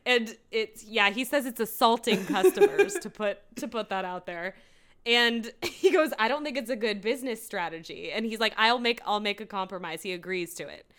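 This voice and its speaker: Brief: woman, casual co-host, bright and animated, higher voice, laughs a lot. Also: moderate pace. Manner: animated, laughs often, acts out quotes. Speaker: podcast co-host. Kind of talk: casual chat recapping a TV episode. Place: New York.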